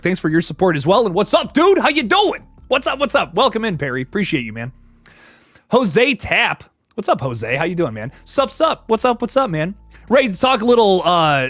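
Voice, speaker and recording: Male streamer host, casual and chatty, bright high voice that swings a lot, dry sound. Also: dry recording. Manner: chatty, laughs often, greets chat viewers. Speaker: livestream host. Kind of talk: casual horror movie livestream chat.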